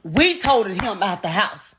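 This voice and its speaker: A middle-aged woman telling a painful story as a mother, in a blunt, halting way full of profanity. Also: medium pitch, sing-song, a bit bright. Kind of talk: emotional first-person account.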